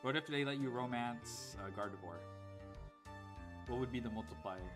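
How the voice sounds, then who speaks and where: Brief: laid-back male speedrunner, quick jokes, loud game music underneath. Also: mid-range voice. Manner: laughs often, joking asides. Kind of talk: casual livestream commentary.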